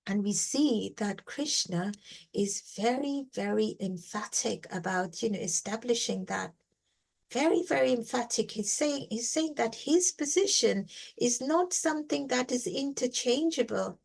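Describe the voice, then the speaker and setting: A woman's voice: a little high, animated, a little slow, creaky. A woman teaching a reflective scripture reading class in an emphatic way, repeating words for stress and often saying "you know".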